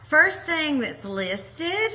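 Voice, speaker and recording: A woman with a bright, forward tone chats along as co-host, agreeable and easygoing. Her pitch swings widely as she reads items aloud. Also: sing-song, very slow. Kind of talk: casual comedic chat.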